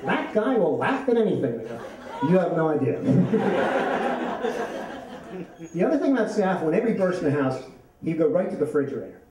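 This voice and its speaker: A man with a mellow, slightly high voice chats his way through a personal story at a live storytelling event, frequently laughing along the way. The microphone sits far from the stage, so the venue audio comes across roomy and echoey.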